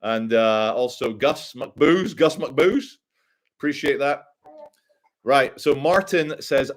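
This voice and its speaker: A man's voice: a little high, moderate pace. A man giving loose, crude commentary on a live stream, reading out donations and chat as he goes. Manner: crude, rambling, animated storytelling.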